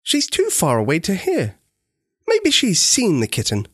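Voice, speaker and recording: A man voicing a calm, practical mother who gently explains things to children in a storybook. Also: high-pitched, a little slow, breathy edge, no echo, studio quality, voice pushed up, full character voice.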